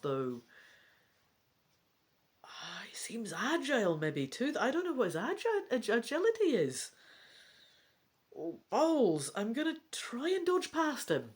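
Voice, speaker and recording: A woman with a low voice reads a gamebook aloud and comments on every choice in a chatty, self-mocking way. Her pitch swings widely as she talks, and she sometimes drops into a whisper. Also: a little mellow. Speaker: gamebook reader. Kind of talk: casual gamebook playthrough with reading aloud.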